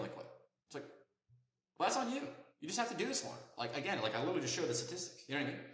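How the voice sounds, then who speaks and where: A man's voice: mid-range voice, fairly bright tone, roomy sound, rough recording. A man coaching viewers on land investing in an emphatic, instructional way, checking in often with "okay?" and "right?". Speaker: land investing sales consultant. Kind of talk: instructional talk to camera.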